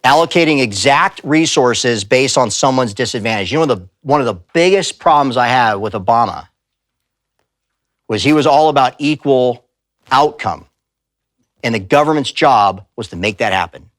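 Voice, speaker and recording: A man's voice: medium pitch, animated, moderate pace, fairly bright tone, no echo, studio quality. A man giving a live talk in a church, speaking emphatically and telling stories with quoted voices. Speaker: pastor and speaker. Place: church sanctuary.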